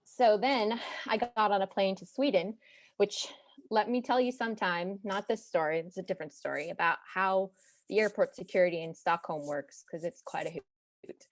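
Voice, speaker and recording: A young woman from Texas with no regional accent, telling a personal story to an audience in a chatty, animated way with side remarks. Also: mid-range voice, moderate pace, dry recording. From Texas, United States.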